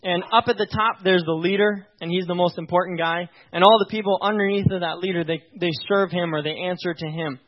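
A man with a fairly high voice delivers a relaxed, conversational sermon. He talks informally and with emphasis, often turning to his listeners to check they follow. The recording sounds dull and lo-fi. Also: brisk, few pauses. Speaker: pastor.

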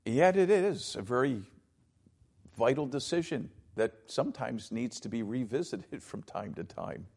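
Gravelly-voiced male pastor preaching. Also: medium pitch, animated, a little slow, darkish tone. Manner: expository preaching with emphatic, dramatized quotes. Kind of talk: sermon.

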